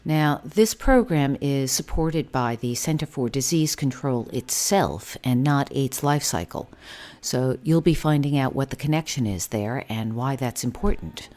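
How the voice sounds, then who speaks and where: A woman hosting a podcast, reading scripted introductions in a measured way. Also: extremely low pitch, expressive, a little mellow. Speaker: podcast host.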